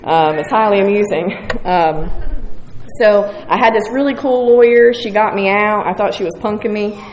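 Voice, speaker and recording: A woman's voice: medium pitch, moderate pace, a little hiss or hum. A woman, telling her recovery story to a meeting in a frank, profane, self-mocking way. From West Virginia. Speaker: speaker sharing at a recovery meeting. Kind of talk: candid recovery share. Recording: roomy hall with faint audience.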